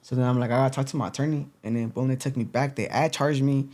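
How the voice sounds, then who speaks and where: A young man tells his story as a guest in a casual interview. He talks quickly in street slang, dropping "you know" and "boom" between every beat, at a middling pitch for a man. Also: fairly even intonation, darkish tone. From East Los Angeles.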